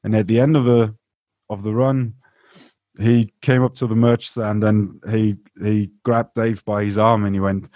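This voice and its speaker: Chatty host with a dry sound. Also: male voice, fairly low pitch, flat delivery, a little slow, mellow, no echo. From Germany, near Munich. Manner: chatty, restarts, storytelling. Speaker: show host. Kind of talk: casual interview chat.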